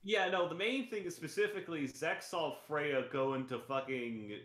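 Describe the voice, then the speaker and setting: A man's voice: on the high side, normal speed, fairly bright tone. Rambling man in an echoey room. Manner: rambling, lots of fillers, laughs often. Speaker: player. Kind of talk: casual tabletop game chat.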